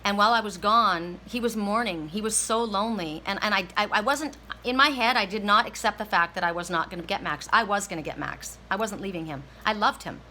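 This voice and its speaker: A woman's voice: mid-range voice, a little fast, hardly any pauses, sharp tone, slight background noise, rough recording. A woman tarot reader telling a personal story, emotional and near tears, often repeating herself and restarting her sentences.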